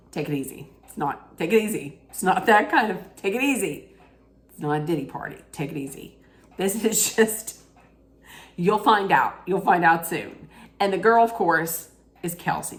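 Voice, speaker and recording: A woman giving a chatty, opinionated, rambling rant-style recap of a reality TV episode. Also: lowish voice.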